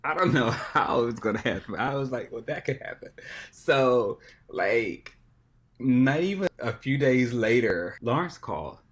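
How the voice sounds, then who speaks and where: A male podcast guest spins a story in loose, casual chat, heavy on "like". His voice sits at an ordinary middle pitch. He swings between lively bursts and near-whispered suspense. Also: measured pace. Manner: animated, drops to a hushed voice for suspense; peppers speech with "like".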